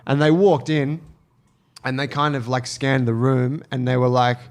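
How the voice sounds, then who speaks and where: An Australian man tells a story on a casual podcast. He swears freely and jumps into the voices of the people in his tale. His pitch sits in the middle range for a man. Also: moderate pace. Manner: animated storyteller, swears freely, acts out quotes. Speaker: podcast co-host telling a story.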